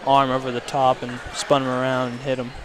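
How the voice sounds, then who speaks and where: A man's voice: medium pitch, monotone, brisk, a crowd in the background, low-quality recording. A man giving easygoing color commentary on a basketball game in a school gym.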